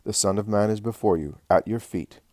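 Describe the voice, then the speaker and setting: Male reader playing a calm, loving teacher, low and measured, close and dry. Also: no room sound, lightly acted. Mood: earnest.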